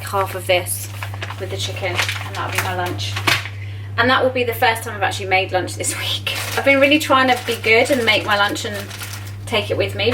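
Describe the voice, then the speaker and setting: A young British woman talks to a handheld camera in her home kitchen. She rambles in a relaxed, chatty way with plenty of fillers and asides, and a faint background hiss sits under her voice. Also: mid-range voice. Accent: British English. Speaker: lifestyle vlogger. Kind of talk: casual vlog chat to camera.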